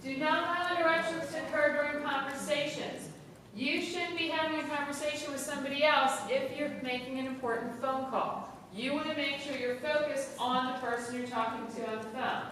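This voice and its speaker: A woman teacher giving a brisk, instructive classroom lesson, tending to talk fast, recorded from far off in a large echoey room. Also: high voice, steady tone. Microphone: camera far from the speaker. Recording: echoey hall audio from far off, background noise.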